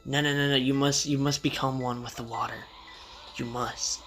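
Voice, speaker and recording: A man's voice: mid-range voice, level tone, moderate pace, fairly bright tone, soft background music, lightly acted. A young man voicing a spaced-out male friend who talks in a dreamy, grandiose way.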